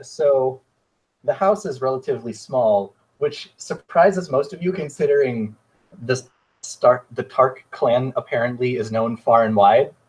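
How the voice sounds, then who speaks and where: Male player, relaxed casual description, plain mid voice. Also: medium pitch, rough recording. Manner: casual, hesitant with fillers. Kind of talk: describing his character's home in a tabletop game.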